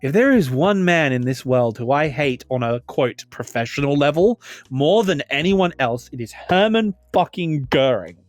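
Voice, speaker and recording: A man co-hosting a casual podcast, talking with animated passion and quoting film lines. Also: a little high, normal speed, dry recording, soft background music. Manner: animated, impassioned rants with quoted film lines. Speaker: podcast co-host.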